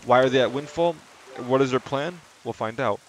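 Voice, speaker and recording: Chatty streamer guy at home reading game lines out loud, self-deprecating, normal middle pitch, bit of rain noise behind. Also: moderate pace. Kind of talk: casual let's play, reading game dialogue aloud.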